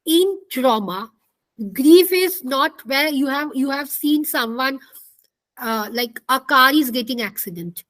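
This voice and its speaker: High-voiced woman teaching a class. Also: lively intonation, takes it slowly, fairly bright tone, no room sound, rough recording. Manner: explanatory, repeats key points, asks the class questions. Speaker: counselling instructor. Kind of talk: online class lecture.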